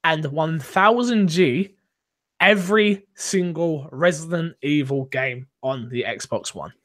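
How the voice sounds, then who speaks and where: A man's voice: on the high side, slow pace. A man hosting a casual gaming podcast, joking and teasing with mock boasts. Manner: animated, joking, self-mocking boasts. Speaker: podcast host and streamer.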